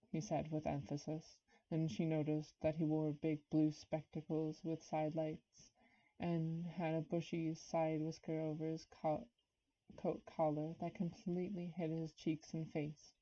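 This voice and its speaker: A woman with a deep, mellow voice reads a classic novel aloud on a live stream, keeping a level tone and an unhurried pace. She sounds a little nervous and pauses now and then to comment and greet viewers in the chat. The stream audio is dull and lo-fi.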